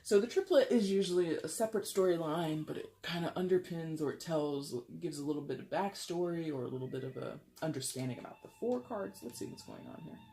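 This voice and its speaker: A tarot reader giving a casual, chatty reading, animated and jokey. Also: medium pitch, brisk, hardly any pauses.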